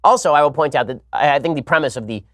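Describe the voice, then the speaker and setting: Sardonic fast-talking man, dry studio sound. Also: on the high side, fairly bright tone, dry recording. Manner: rapid-fire, sardonic, mocking asides. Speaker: political talk show host. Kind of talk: fast opinionated monologue with sarcasm.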